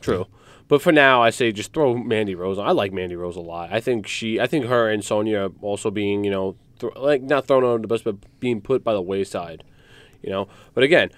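A man's voice: lowish voice, a little fast, no echo. A young man co-hosting a casual chat, rambling and restarting his sentences. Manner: rambling, lots of fillers and restarts. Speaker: podcast co-host.

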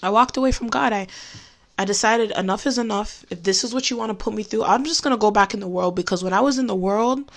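A woman shares her own faith story in an open, conversational tone. Her voice sits in a middle register. She slows right down to press home the points she cares about. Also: medium pitch. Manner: candid and conversational, with emphatic slowed phrases. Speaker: Christian speaker giving a testimony. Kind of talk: personal faith talk.

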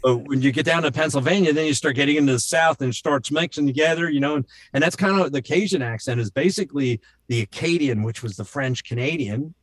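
A male voice actor in casual podcast chat, rambling with fillers and slipping into quick voice demos. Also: fairly high pitch, no echo. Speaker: voice actor and impressionist.

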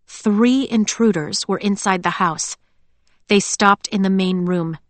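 A woman narrating an audiobook with expressive storytelling. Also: mid-range voice, takes it slowly, no room sound. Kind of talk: scripted narration.

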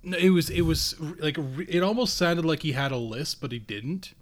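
A man's voice: a little high, animated, fairly quick. A young man co-hosting a podcast, telling a personal story in casual chat, often hesitating and restarting. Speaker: podcast co-host.

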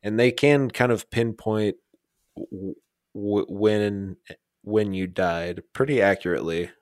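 A man co-hosting a podcast, chatting casually in a slow, rambling, self-deprecating way. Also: fairly low pitch, fairly even intonation, dry recording, studio quality. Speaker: podcast co-host.

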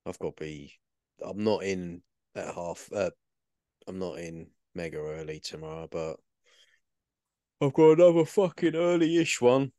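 A man chatting about his workday on a podcast, relaxed and sweary, quoting people as he goes. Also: low voice, a little slow, no echo, studio quality. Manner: laid-back, sweary, quotes people in little voices. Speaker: podcast co-host. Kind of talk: casual chat.

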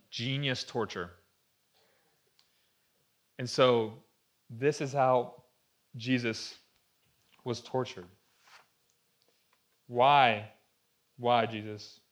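A man's voice: mid-range voice, a bit bright. A man preaching a sermon to a room, earnest and conversational, asking rhetorical questions as he explains. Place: room with an audience.

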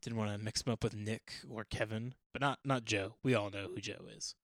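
A man's voice: fairly low pitch, steady tone, dry recording. A man joking and bantering in a casual podcast chat. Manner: joking, quick banter with laughs.

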